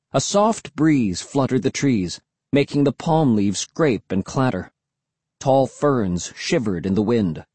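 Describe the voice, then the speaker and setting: A man narrates a first-person audiobook with measured, even storytelling. His husky voice sits at a middle pitch. The recording is dry and close, with no room around it. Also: no echo.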